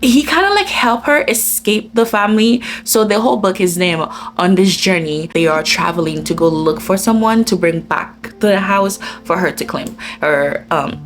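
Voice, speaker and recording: A woman's voice: mid-range voice, moderate pace, few pauses, faint music behind. A woman book vlogger giving a chatty, casual book recap, full of filler words. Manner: chatty, heavy use of filler "like".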